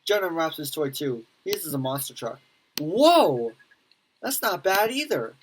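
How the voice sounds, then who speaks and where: Woman, let's play, reading game lines in voices, low voice, lively pitch, faint noise. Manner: reads lines in many voices, quick reactions and laughs. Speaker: gaming YouTuber.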